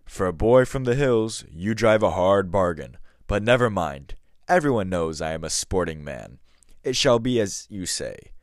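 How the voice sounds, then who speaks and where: A man voicing a boastful, scheming boatmaster who talks loud and blustering and is quick to outrage. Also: low-pitched, animated, dry recording, studio quality. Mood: jovial.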